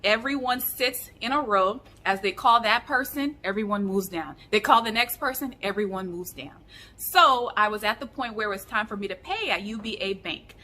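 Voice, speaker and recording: A woman vlogger telling a story in a chatty, animated way with many fillers. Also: medium pitch, normal speed, a little hiss or hum. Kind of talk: casual storytelling vlog.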